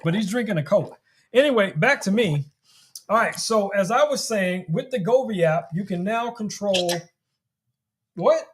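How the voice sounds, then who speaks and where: Man, tech livestream host, high voice, chatty, salesy, casual product demo. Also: animated, moderate pace, slight background noise. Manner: chatty, salesy, talks straight to viewers.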